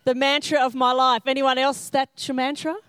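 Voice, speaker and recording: A middle-aged woman pastor preaches a sermon full of self-mocking, humorous stories, animatedly acting out the scenes in character. Her voice sits high, clear and resonant, at a moderate pace. There's no room sound.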